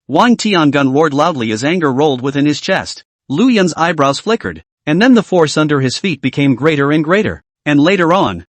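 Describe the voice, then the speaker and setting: A man reads out a comic recap as scripted narration, briskly telling the story. His voice sits a little high and rises and falls a great deal. The recording is close and dry. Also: animated, no room sound.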